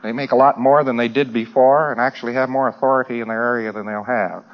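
A man's voice: medium pitch, steady tone, quick pace. An American man giving a humorous talk to a live audience, rambling with dry asides. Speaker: lecturer. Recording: dull lo-fi old recording.

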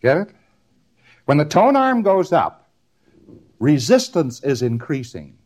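A man's voice: on the high side, big pitch swings, slow pace, darkish tone. A man giving a recorded lecture, rambling and repeating words in rhythmic runs, often ending on a tag question.

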